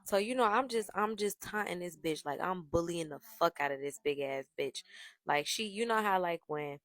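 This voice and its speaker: Brash young woman, storytime monologue, slightly low voice, dry close sound. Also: moderate pace, dry recording. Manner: brash, profane, animated gossip.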